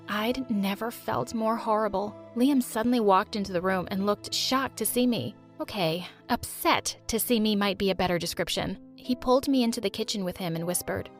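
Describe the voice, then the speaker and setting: A young woman tells a first-person story in a mid-range voice, animated and full of sarcastic asides. Faint music plays softly underneath. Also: mid-range voice, moderate pace, few pauses.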